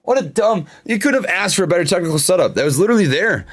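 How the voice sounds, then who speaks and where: Young guy live-streaming stock charts, kinda high voice, gets frustrated, reads the chat. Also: expressive, fast. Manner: frustrated, reads chat aloud, swears and laughs it off. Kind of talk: casual live-stream commentary.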